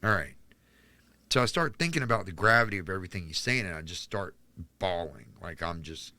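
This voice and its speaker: Forceful low-voiced man telling his story. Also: animated, fast talker, no echo. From Charlotte, North Carolina, US. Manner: rambling and candid, heavy use of "like". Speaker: podcast guest. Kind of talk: personal storytelling in a casual interview.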